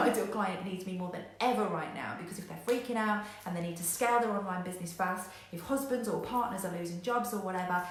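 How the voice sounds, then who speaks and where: Forthright woman coach in an echoey room. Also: medium pitch. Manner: energetic and direct, acts out panicked quotes, swears casually. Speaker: business coach. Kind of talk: motivational talk to camera.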